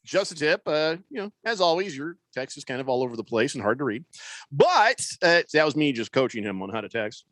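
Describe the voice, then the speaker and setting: A middle-aged man hosts a sports radio show from the studio, reading listener texts aloud and riffing on them. His voice sits a bit high and swings around a lot. The studio mic gives a close, dry sound. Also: big pitch swings, fairly quick, a bit bright, dry recording. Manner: chatty, wry, lots of fillers. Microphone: studio microphone.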